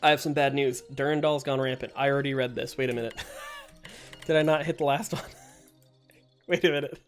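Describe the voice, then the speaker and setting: A man of middling pitch chats loosely while he plays, cracking jokes and laughing at his own mistakes. He talks into a desk mic over game music and bursts of gunfire. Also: steady tone, moderate pace, clean tone. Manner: chatty, joking, laughs often at himself. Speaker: gameplay streamer. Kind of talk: casual let's-play commentary.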